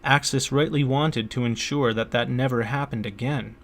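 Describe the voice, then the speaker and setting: A man reading an audiobook, voicing a guarded young male prince who speaks in a measured, careful way. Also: medium pitch, fairly even intonation, a bit bright, lightly acted.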